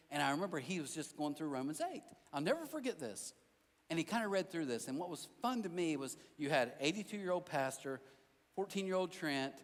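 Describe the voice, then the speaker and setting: A man's voice: a little high, in a large hall. A pastor preaching a sermon to his congregation, telling stories in a conversational way and driving points home with repetition. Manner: conversational storytelling, emphatic repetition. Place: church sanctuary.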